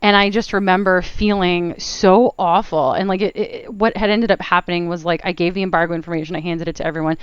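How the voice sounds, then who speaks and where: A woman guest on an interview podcast, telling animated stories in casual chat and laughing often. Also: lowish voice, a little fast, hardly any pauses, smooth, no room sound. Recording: dull lo-fi sound.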